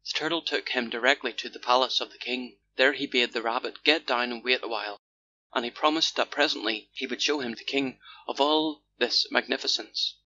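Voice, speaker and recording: A man narrating a children's fairy tale in a steady, measured storytelling manner, in a dull lo-fi recording with faint hiss. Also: medium pitch. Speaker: audiobook narrator.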